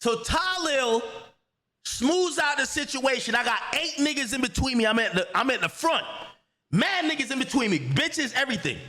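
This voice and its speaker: A man hosting a livestream, telling a heated story in an animated, profane, repetitive way. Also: very high voice, moderate pace. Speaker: livestream host.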